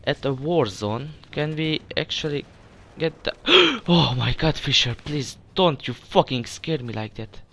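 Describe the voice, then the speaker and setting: Young male let's-player, easily startled, curses and stammers, slow, bright tone. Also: fairly high pitch, big pitch swings. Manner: jumpy, swears often, stammers when startled. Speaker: let's play gamer. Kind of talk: casual gameplay commentary.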